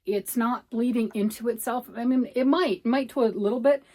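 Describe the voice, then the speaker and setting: A woman's voice: on the high side, moderate pace, a little mellow. A middle-aged woman chatting casually as a knitting vlogger, rambling and talking to herself as she works, a little out of breath. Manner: chatty, rambling, self-talk while working. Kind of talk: casual chat.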